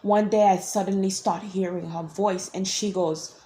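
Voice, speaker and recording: A woman's voice: mid-range voice, fairly even intonation, normal speed, dark tone, slight background noise. A young woman vlogger telling a personal story in a blunt, rambling, casual way, with some swearing.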